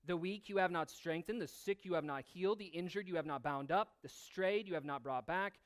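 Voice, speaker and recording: Smooth-voiced man preaching a sermon. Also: high voice, brisk. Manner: earnest preaching, reads scripture aloud. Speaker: pastor.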